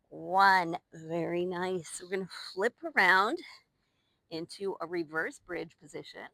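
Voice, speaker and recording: A woman's voice: on the low side, animated, takes it slowly, creaky, bright, forceful tone, dry recording. A young woman leading a Pilates workout, out of breath as she exercises along, counting reps and giving encouraging cues. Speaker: Pilates instructor. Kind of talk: live workout instruction with counting. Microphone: new microphone.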